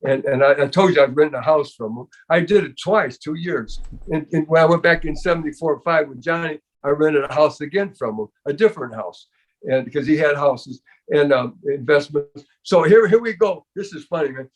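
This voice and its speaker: A man's voice: on the high side, moderate pace. Rambling older man with a raised voice. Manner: rambling, with many restarts, repeats "man" and "you know". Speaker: interview guest. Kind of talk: storytelling in a casual interview.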